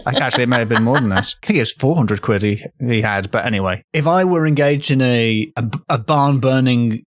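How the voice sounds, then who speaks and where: A man tells folklore as comedy, wandering and self-correcting with a playful edge. His voice sits at an everyday middle pitch. The recording is close and dry, with no room sound. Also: fairly quick, no echo. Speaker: podcast host, storyteller.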